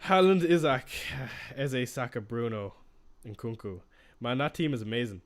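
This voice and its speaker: A man's voice: medium pitch, expressive, moderate pace. A young man chatting casually on a live stream, reading out and answering viewer questions as he goes.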